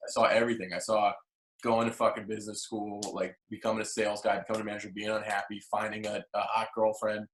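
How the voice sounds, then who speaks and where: Give me a young comedian guest in casual podcast chat, loose and sweary, recorded in a roomy space. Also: male voice, on the low side, flat delivery, quick pace, a little hiss or hum. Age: young adult. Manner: loose storytelling, heavy swearing. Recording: roomy echo.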